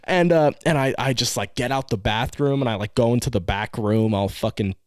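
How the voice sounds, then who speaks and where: A man's voice: medium pitch, a little fast, no echo, studio quality. A young man co-hosting a podcast, telling a story in a rambling casual way full of "like" and swearing. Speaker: podcast co-host.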